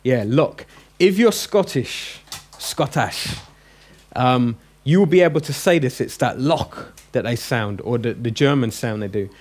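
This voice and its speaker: Chatty man teaching a class. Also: medium pitch. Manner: chatty and joking, drills letters slowly. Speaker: Greek teacher. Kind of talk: classroom lesson. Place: classroom with a group.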